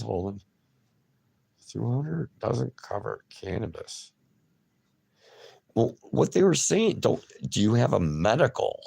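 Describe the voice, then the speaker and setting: Gravelly low-voiced man chatting with viewers. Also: a little mellow. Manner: chatty, reacts to viewer comments and names viewers. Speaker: livestream host. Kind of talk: casual livestream chat.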